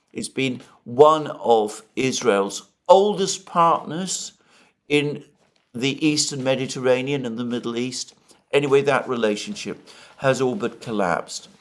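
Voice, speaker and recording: A middle-aged man giving a solo political commentary, speaking in long, measured sentences and quoting at length from an article. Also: medium pitch. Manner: measured, expansive delivery with frequent restarts.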